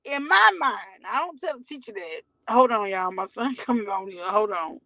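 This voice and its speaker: Speaking at a normal speed in a mid-range, fairly bright voice, a forties-aged mother rambles bluntly to her viewers about her story, cursing freely. The audio is poor, with no room sound, in this candid direct-to-camera talk.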